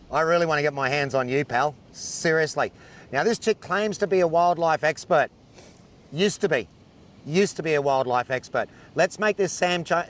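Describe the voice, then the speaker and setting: An Australian man in a full-blown rant, swearing hard and fuming as he talks. His voice sits a little high for a man. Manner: furious, heavy swearing. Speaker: ranting video poster. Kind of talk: angry rant to camera.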